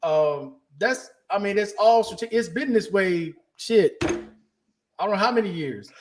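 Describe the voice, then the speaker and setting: A man's voice: high voice, expressive, noisy background. A man hosting a casual podcast, talking bluntly and saltily. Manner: blunt, salty, fast-talking. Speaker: podcast host.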